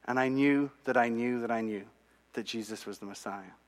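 A man telling his own faith story to an audience, animated and dramatic, with asides to the listeners. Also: mid-range voice, normal speed. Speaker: speaker giving a testimony. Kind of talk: sermon-style storytelling. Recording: long hall reverb.

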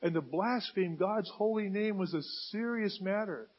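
A man preaching with a high, husky voice that swells into loud, emphatic bursts. The sound is dull and lo-fi, like a modest church recording. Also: moderate pace. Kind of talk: sermon.

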